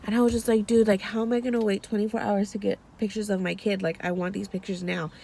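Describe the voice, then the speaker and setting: A woman's voice: mid-range voice, flat delivery, quick pace, vocal fry, warm tone, slight background noise. A young woman vlogging in a casual, rambling way, often restarting her sentences and growing emotional. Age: young adult. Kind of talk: casual chat.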